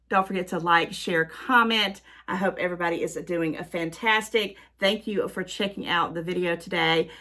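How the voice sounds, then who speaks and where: A woman's voice: mid-range voice, fairly bright tone. A middle-aged woman with a Southern US accent, hosting a chatty haul vlog and rambling along with folksy exclamations. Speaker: YouTube host.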